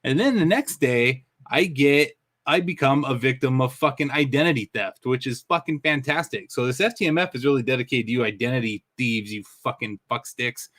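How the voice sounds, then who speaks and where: A man ranting on a podcast, cursing in nearly every sentence. His voice is bright and forceful, with an ordinary pitch for a man. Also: brisk, few pauses. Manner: angry profane ranting, swears constantly. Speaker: podcast co-host. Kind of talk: casual ranting podcast chat.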